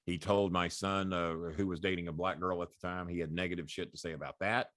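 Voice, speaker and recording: Blunt, profane man, low and dry. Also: flat delivery, fairly quick, a bit bright, no echo. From Southern US. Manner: blunt, profane, laughs through his stories. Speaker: guest. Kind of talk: casual storytelling. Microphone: podcast call.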